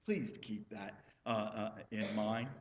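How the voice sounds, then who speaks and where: A man's voice: fairly low pitch, fairly even intonation, slow, roomy sound. A male pastor preaching a sermon, telling folksy stories and asking the congregation questions.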